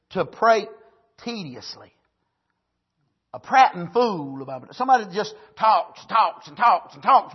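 A high-pitched male preacher with a husky, slightly breathy voice, delivering a sermon in swelling emphatic bursts and frequent amens. The recording is dull and lo-fi. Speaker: pastor.

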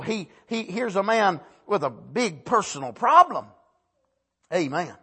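High, bright-voiced impassioned male preacher. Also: big pitch swings, breathy edge. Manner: impassioned, drawn-out emphasis, rising to shouts; calls out "Amen" between points. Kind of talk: sermon.

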